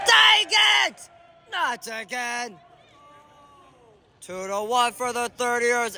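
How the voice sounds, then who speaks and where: A man giving excited sideline commentary on an amateur indoor soccer game, shouting and groaning at the plays and calling out to the referee. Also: high-pitched, slight background noise.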